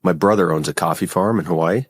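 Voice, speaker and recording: A man's voice: deep voice, fast talker, husky, no room sound. A man as a guest on a podcast, talking casually and often checking in with "right?" and "like". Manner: casual, frequent "right?" and "like" fillers. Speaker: podcast guest, company founder. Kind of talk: conversational interview.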